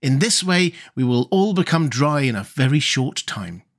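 A man's voice: very animated, moderate pace. A man voicing an earnest, sensible young boy in a storybook reading. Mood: reasoning. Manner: earnest, slightly higher voice.

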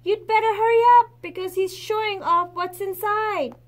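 A woman reading aloud, voicing an excited male friend shouting a hurried warning. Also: very high-pitched, pitched above the performer's own voice, heavily acted. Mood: urgent.

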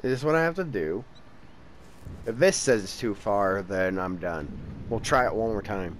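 A man's voice: fairly low pitch, moderate pace, slight background noise, low-quality recording. A young man hosting a let's-play channel, giving casual commentary as he plays. He is tired and yawning, and he grows impatient, talking back to the game. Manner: frustrated, impatient, talks to the game. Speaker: gameplay channel host.

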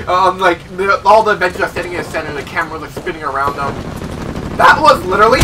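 A man's voice: high voice, quick pace, noisy background. A young man hosting a let's play, rambling through a story and swearing often as he plays. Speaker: gaming channel host. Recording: voice from far off under loud game sound.

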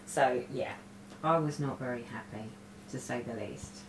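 A woman's voice: extremely low pitch, a little slow, background noise. Chatty middle-aged woman in an echoey room. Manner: chatty, rambling storytelling with many restarts. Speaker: cross-stitch vlogger. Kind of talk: casual stitch-along chat. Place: room at home. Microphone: webcam. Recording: roomy echo.

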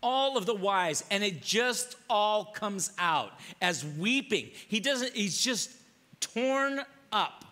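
A man's voice: high-pitched, animated, slow, sharp tone. A male pastor preaching a sermon, acting out quoted lines and firing off rhetorical questions. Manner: dramatic, acts out quoted voices, rhetorical questions.

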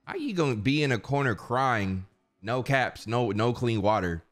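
A man's voice: mid-range voice, expressive, moderate pace. A young man streaming a video game, chatting casually and full of slang while he reads the game's dialogue aloud. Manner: slangy, rambling, says bro constantly. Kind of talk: casual gameplay commentary.

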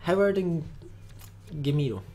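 A man's voice: fairly high pitch, animated, measured pace, mellow, slight background noise. A young man giving casual, grumbling commentary with dry jokes as he opens card packs in a game video. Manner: dry, grumbling, jokey asides. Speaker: gaming video host.

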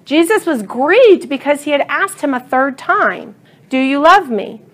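A middle-aged woman teaching a Bible study lesson, earnest and animated, building to emphatic passion as she retells the story. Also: sits high, measured pace.

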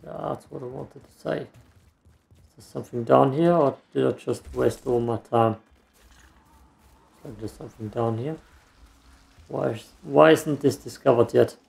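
Speaking at a measured pace with frequent pauses, this man has a mid-range, creaky, slightly mellow voice. He's a streamer doing a relaxed let's play, tossing out dry jokes at his own expense while he games.

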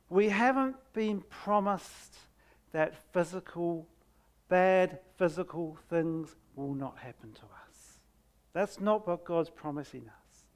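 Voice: mid-range voice, lively intonation. A preacher giving a sermon at a church service, reading scripture aloud with heavy stress on key words and letting each phrase fall nearly silent. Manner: slow, deliberate delivery that drops to near silence at phrase ends.

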